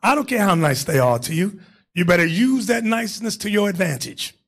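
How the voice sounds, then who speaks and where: A man leads a Bible class in a preaching style, his husky voice sitting a little high and swinging widely in pitch. He drives his points hard and directs readers and helpers between them. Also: animated, a little fast, fairly bright tone.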